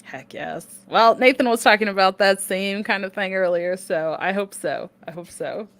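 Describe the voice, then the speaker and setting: A woman's voice: mid-range voice, moderate pace, fairly bright tone. A woman hosting a podcast, upbeat and gushing in casual chat, often laughing. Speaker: podcast host.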